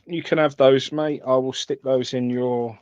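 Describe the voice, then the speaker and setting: A man's voice: medium pitch, steady tone, a little slow, darkish tone, smooth, no room sound, highs cut off. A man hosting a live trading card stream, chatting casually and calling viewers mate.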